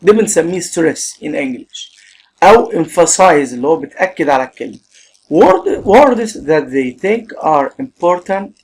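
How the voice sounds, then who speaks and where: A man's voice: on the high side, big pitch swings, fast talker, slight background noise. A male teacher with an Egyptian Arabic accent giving an English lesson, switching between Arabic explanation and English and stressing words emphatically.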